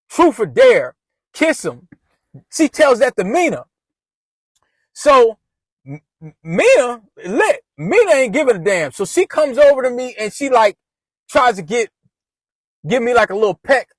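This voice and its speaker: A man's voice: very high voice, no echo. A man casually retelling a personal story in loose slang, often restarting his sentences.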